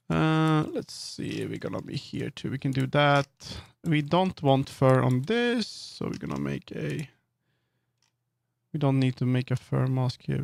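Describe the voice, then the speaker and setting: A man's voice: mid-range voice, creaky. A man chatting casually on a live stream, thinking aloud and correcting himself as he works. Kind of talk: casual live-stream chat while working.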